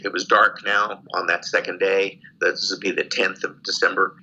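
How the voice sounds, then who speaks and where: An older man, a guest in an interview, telling a story in a casual, animated way and laughing often. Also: on the low side, a little hiss or hum, low-quality recording. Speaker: guest, former prisoner of war.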